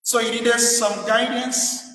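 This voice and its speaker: In a church in England, a priest preaches slowly in a high, bright voice with a flat delivery, pushing his point through repeated rhetorical questions. He sounds far from the mic, the space carries a long echoing reverb, and there's slight background noise.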